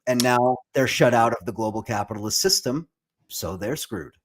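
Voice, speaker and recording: A man hosting a political commentary livestream, talking in a conversational way with quick asides and the odd stammered restart. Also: medium pitch, expressive. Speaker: livestream host.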